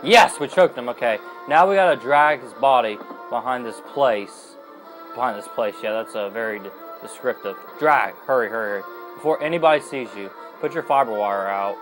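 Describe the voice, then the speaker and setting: A man's voice: medium pitch, moderate pace, over music, low-quality recording. Young man rambling over gameplay. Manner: rambling and chatty, with many fillers and self-corrections. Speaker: gaming video host. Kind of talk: casual let's-play commentary.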